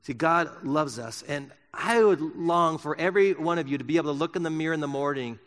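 A man preaching a sermon in a church, swinging from loud emphasis to soft, slow words. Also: a little high, big-room sound. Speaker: pastor. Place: church sanctuary.

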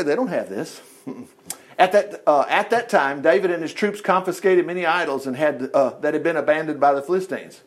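A man's voice: on the high side, expressive, fairly quick. A man teaching from the Bible in a chatty, folksy way, breaking off into asides and laughing at his own stories. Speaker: preacher.

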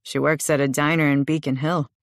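A woman voicing a tense, protective young man who talks low, steady and urgent in an audiobook. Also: a little fast, no room sound, studio quality, lightly acted.

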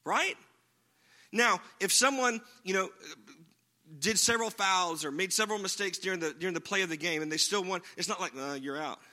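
A man's voice: high voice, fairly quick, bright, forceful tone. A man preaching a sermon in a conversational way, often checking in with his listeners by asking "right?". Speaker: pastor.

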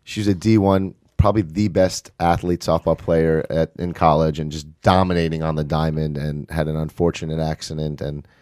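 A man's voice: extremely low pitch, fairly even intonation, normal speed, hardly any pauses, darkish tone, dry recording, studio quality. A man hosting an interview show, asking short leading questions and reacting briefly. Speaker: show host.

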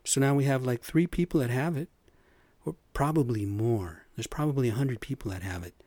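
A man's voice: mid-range voice, brisk, warm tone, dry recording. A man hosting a podcast, ranting casually with lots of "man" and "you know". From US Pacific Northwest. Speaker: podcast host; construction superintendent. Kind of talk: casual rant.

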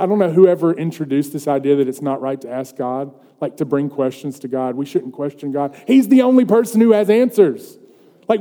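A man delivers a sermon in an earnest, conversational way, rising to loud emphatic passages and dropping to near-hushed stretches. His voice is slightly high yet very dark and mellow in tone. A long reverb from a large hall trails each phrase. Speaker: pastor.

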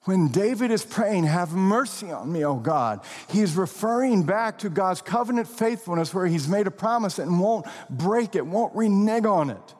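A man preaching a sermon as pastor, with expressive, deliberate emphasis and occasional laughs. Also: high-pitched, long reverb tail.

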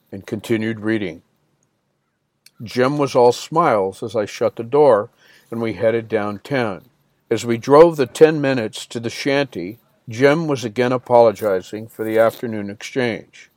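A man's voice: medium pitch, a little mellow, no room sound. A man reading a first-person story as an audiobook narrator, in a plain storytelling manner that lifts slightly for quoted lines.

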